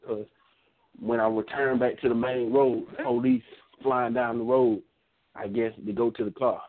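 A man co-hosting a wrestling show, telling a story in a relaxed, casual way with a Southern dialect. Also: mid-range voice, measured pace. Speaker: podcast co-host. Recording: phone-line audio.

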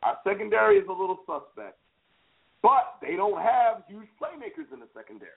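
Lively man hosting a sports talk show. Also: sits high, a little fast, gravelly, breathy edge. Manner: animated, teasing, emphatic. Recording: phone-like lo-fi line.

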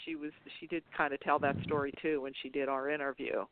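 A woman's voice: extremely low pitch, little pitch movement, fast talker, slight background noise. A woman hosting a casual internet radio chat, talking in a rambling, chatty way with restarts and laughs. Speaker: show host. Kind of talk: casual chat about soap operas. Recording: tinny phone line, dry.

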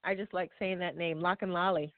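A woman co-hosting a casual chat show, playful and quick to laugh. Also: on the low side, steady tone, no echo. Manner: giggly, playful. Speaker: co-host. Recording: tinny phone-like line.

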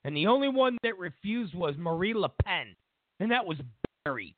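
A man hosting a show, giving an opinionated political commentary as a mocking, animated rant. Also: high-pitched, moderate pace, a little hiss or hum. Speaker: show host. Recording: tinny phone-like dry audio.

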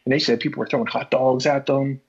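Ex-pitcher guy from philly, talks fast, acts out what he said back then, muffled recording. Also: fairly even intonation, breathy edge. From Philadelphia. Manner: acts out his own past reactions, many restarts. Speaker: former baseball pitcher, guest. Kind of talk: animated storytelling in casual chat. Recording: dull lo-fi podcast audio.

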